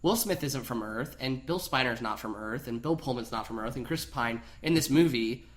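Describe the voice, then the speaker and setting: A man co-hosting a casual movie review podcast, animated and mocking, acting out scenes in quick quoted voices. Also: mid-range voice. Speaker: podcast co-host.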